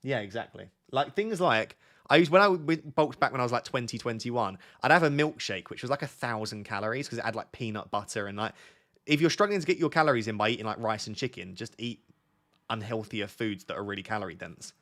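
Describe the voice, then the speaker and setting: A man's voice: medium pitch, animated, fairly quick, fairly bright tone. A young man hosting a livestream in casual chat, laid-back and joking, rambling with lots of fillers. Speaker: livestream host. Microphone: on a mic near the camera.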